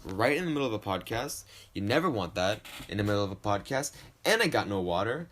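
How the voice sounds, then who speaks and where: A man's voice: fairly low pitch, big pitch swings, fast talker, few pauses, a bit bright. A young man with a slight lisp hosting a solo podcast from his desk, rambling and swearing, often poking fun at himself. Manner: rambling, profane, self-deprecating. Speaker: podcast host. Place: home desk.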